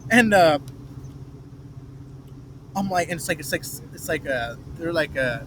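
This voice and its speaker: Brief: young man, slightly high voice, rambling swearing storyteller, outdoor traffic noise. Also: brisk, fairly bright tone. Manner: rambling, restarts, swears, mimics others' voices in quotes. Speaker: vlogger telling a personal story. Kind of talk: rambling first-person storytelling. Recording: noisy street, traffic behind.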